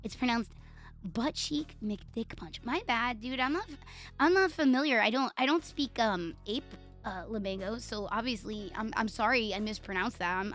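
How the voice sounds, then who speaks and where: A woman's voice: on the high side, fairly bright tone. A woman with a Puerto Rican accent chatting casually on a live stream, playful, profane and teasing herself and her viewers.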